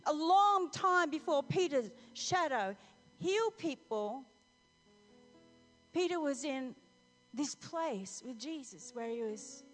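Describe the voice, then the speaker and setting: A woman preacher giving a lively storytelling sermon, speaking directly to the congregation. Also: high-pitched. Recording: reverberant hall, faint music.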